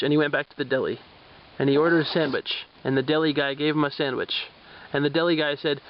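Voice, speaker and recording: An adult man spinning a playful improvised tale in an easygoing way. His voice sits high, and the dull lo-fi home recording carries faint hiss. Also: fairly even intonation, brisk. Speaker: storyteller taking turns with a child. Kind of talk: improvised cooperative storytelling.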